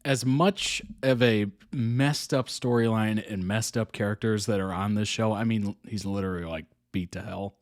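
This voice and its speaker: A man's voice: lowish voice, fairly even intonation, moderate pace, hardly any pauses. Chuckling casual male reaction host. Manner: rambling, many fillers, frequent chuckles.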